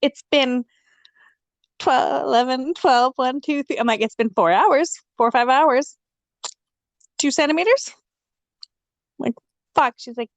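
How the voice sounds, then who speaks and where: A woman's voice: high-pitched, moderate pace, pauses often, no echo. Young woman, candid podcast guest, salty language, acts out the dialogue, dry close sound. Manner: swears freely and acts out quoted dialogue; lively, frank and joking. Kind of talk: casual storytelling chat.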